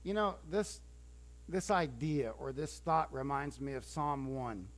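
A man preaching a sermon, telling the story in a lively, conversational way and acting out scenes, with a few stumbles and restarts. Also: mid-range voice, a little slow.

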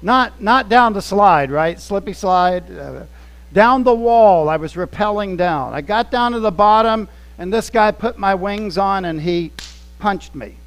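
A male pastor with a fairly high-pitched voice delivers a sermon as relaxed, conversational storytelling. He acts out the scenes he describes as he talks. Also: a little slow, poor audio. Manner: conversational, anecdotal, acting out scenes.

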